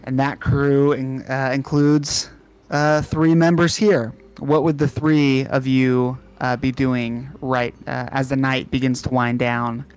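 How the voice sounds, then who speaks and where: A man narrating a tabletop horror game as game master, in a measured storytelling way with occasional fillers. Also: medium pitch, level tone, clean tone.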